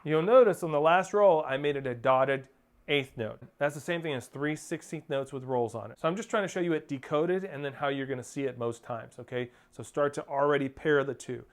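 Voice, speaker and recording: A man with a slightly high voice leads a drum lesson at a fairly quick clip, speaking over loud percussion. He counts off and sings rhythms aloud while coaching.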